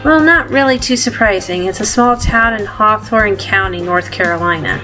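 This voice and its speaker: Brisk male police captain for a detective game, read by a woman, clear music bed. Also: medium pitch, close to an everyday voice. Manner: gruff put-on voice she keeps dropping.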